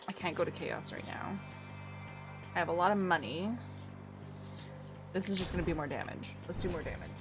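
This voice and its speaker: A woman's voice: fairly low pitch, normal speed, pauses often. A woman streaming a video game in casual chat, thinking aloud and reading out game text. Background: game music.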